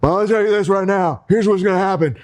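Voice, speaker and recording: A brash, trash-talking wrestler, as a man puts him on, cuts a loud promo in a raised voice. He draws his words out slowly for effect. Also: sits high, voice pushed up, close to an everyday voice. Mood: hyping.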